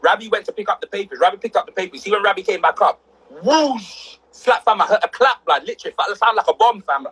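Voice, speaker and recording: A man's voice: high voice, very fast, few pauses, a bit bright, slight background noise, rough recording. A young man, bantering on a livestream in heavy slang and exaggerating for laughs. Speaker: livestream co-host. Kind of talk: casual banter.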